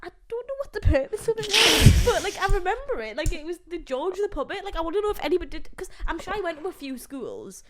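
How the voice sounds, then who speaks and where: Fast-talking high Geordie woman. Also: sing-song, slight background noise. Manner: rambling storyteller, heavy use of "like". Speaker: co-host. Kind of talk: casual chat.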